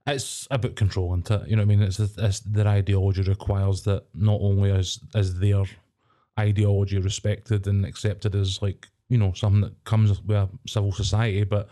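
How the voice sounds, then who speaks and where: Brief: young Scottish podcast co-host, low mellow voice, rambling and animated. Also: male voice, normal speed. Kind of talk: casual chat.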